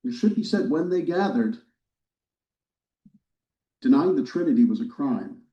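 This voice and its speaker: A man, a history professor, giving a relaxed, wry lecture to a church audience, with casual fillers and restarts. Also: fairly high pitch, measured pace. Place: church hall, recorded live. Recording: roomy, distant, dull lecture recording.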